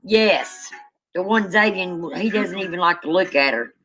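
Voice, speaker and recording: A woman's voice: lowish voice, moderate pace, muffled recording, over music. An older woman with a grandchild, chatting casually on a live stream, rambling, trailing off and yawning. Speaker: co-host.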